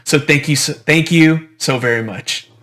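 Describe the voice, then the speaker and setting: A dentist giving a conversational conference presentation, often repeating phrases and adding "right?" tags. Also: male voice, a little high, a little slow, fairly bright tone.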